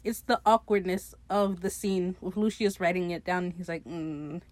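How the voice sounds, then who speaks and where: A woman's voice: on the low side, fairly even intonation, normal speed, a little mellow, no room sound. A young woman casually recapping a TV episode on her podcast, chatty and sarcastic, swearing freely and laughing at her own jokes.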